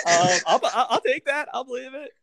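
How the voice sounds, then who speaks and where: A man co-hosting a casual TV recap podcast, animated, acting out characters' lines as he retells scenes. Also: very high voice, gravelly. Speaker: podcast co-host.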